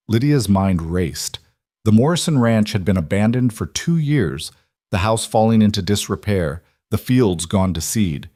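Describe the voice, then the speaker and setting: A man reads a scripted story at a steady, even pace. His voice sits low and the sound is dry and close. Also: measured pace, dry recording. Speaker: narrator. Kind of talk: scripted narration.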